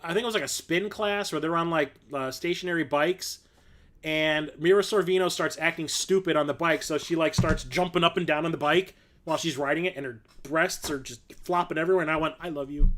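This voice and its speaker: A man's voice: on the high side, fairly quick, fairly bright tone. A man in his forties hosting a casual livestream, rambling and enthusiastic, full of fillers like "um" and "like". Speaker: host.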